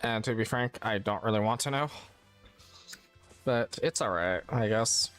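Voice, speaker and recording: A man's voice: on the low side, a little slow, fairly bright tone. Guy streaming a game, rambly and self-correcting, faint music behind. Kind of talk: casual gameplay chat.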